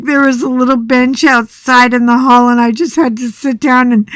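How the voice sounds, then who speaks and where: A woman's voice: sits high, normal speed, dry recording, studio quality. A middle-aged woman hosting a casual chat, telling a story dramatically with yelps and swearing. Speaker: coloring channel host.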